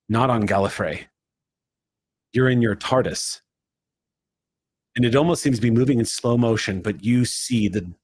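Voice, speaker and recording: A man as game master, giving dramatic second-person narration for a tabletop role-play, shifting his pace from swift to drawn out. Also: lowish voice.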